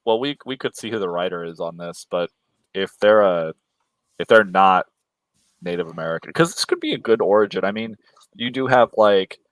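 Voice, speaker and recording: A low-pitched man talks in a blunt, profane, casual way on a livestream. His voice sits very low and the sound is dry and close, with no room around it. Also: animated, normal speed, no room sound. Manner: blunt, profane, mocking voices when quoting. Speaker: co-host.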